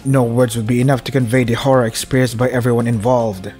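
A man's voice: mid-range voice, little pitch movement, fast, darkish tone, faint music behind. A young man playing a game, reading its text aloud with loose, joking commentary and frequent laughs. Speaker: let's play host.

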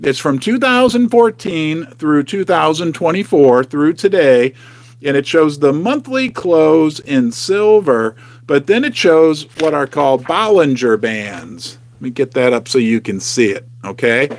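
A man's voice: a little high, lively intonation, a little slow. A middle-aged man hosting a casual livestream from his home basement, chatty and folksy, often turning to ask his viewers questions. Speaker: host of a precious-metals investing channel.

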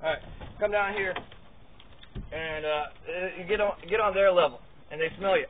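A man's voice: sits high, normal speed. A man giving rambling, casual commentary as he handles dogs in a pen outdoors, repeating words and grunting with effort. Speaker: vlogger showing dog handling. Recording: tinny phone-like audio, faint noise.

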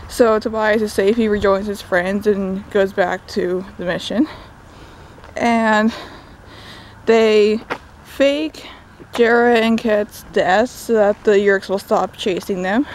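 A woman's voice: on the high side, fairly even intonation, moderate pace, slight background noise, poor audio. A young woman casually recapping a book on a walk in the woods, with sarcastic asides, recorded on a phone. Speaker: book vlogger. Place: outdoors in woods.

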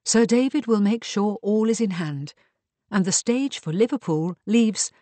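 A woman voicing a discreet, resourceful young Regency lady who speaks quietly and calmly. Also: medium pitch, a little slow, no echo, voice pushed up. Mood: composed. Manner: quiet, composed.

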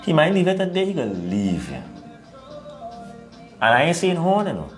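A man's voice: on the high side, moderate pace, faint music behind. A man with a Trinidadian accent, co-hosting an opinionated talk show and lecturing his listeners. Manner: animated, preachy, laughs at his own points.

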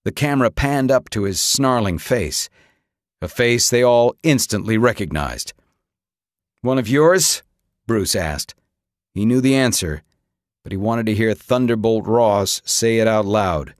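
A man reading an audiobook with dramatic, expressive narration. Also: fairly low pitch, unhurried, dry recording, studio quality. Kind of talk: scripted narration.

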